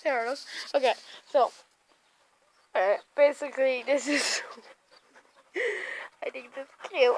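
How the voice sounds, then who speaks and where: A woman vlogging casually at home, giggling often and chatting excitedly to her dogs. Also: high voice, unhurried, pauses often, no room sound.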